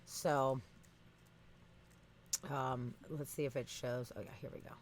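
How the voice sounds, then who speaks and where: A woman's voice: rumbling low, fairly even intonation, slow pace, slight background noise. A woman hosting a podcast in casual chat, amused, reading news aloud and swearing now and then. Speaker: podcast host.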